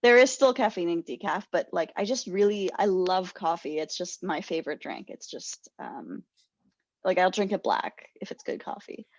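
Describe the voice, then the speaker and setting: A young adult woman co-hosts a podcast, chatting casually and telling stories with animation while laughing often. Her voice is lowish and her pace moderate. The recording has a dull, dry lo-fi sound.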